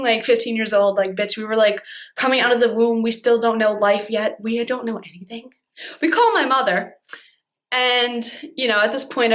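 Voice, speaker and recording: A woman's voice: on the high side, a bit bright. A young woman telling a dramatic, profane storytime vlog, laughing as she goes. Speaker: vlogger.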